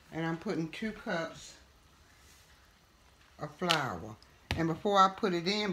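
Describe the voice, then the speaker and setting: A middle-aged woman hosting a casual home cooking tutorial, talking in a relaxed, chatty way with fillers and self-corrections. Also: lowish voice, a little hiss or hum. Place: home kitchen.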